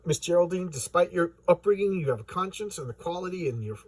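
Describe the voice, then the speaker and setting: Stern drawling hillbilly wanderer, read by a man, husky and folksy. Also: sits high, expressive, fast talker, no echo. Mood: solemn.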